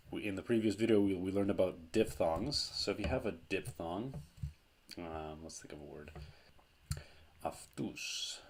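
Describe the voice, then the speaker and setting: A man teaching a language lesson in a patient, explanatory way, repeating key points for emphasis. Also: low voice.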